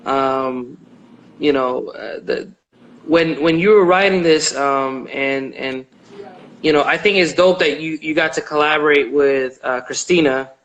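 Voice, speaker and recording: A man hosting a radio show, chatting casually and haltingly with many fillers. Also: a little high, fairly bright tone, low-quality recording. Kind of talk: casual interview chat.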